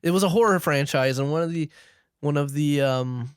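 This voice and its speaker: A man co-hosting a casual gaming podcast, his voice smooth, clear and slightly high. He retells scenes with animated storytelling. The recording is dry and close. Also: normal speed, dry recording. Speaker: podcast co-host. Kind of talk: casual chat.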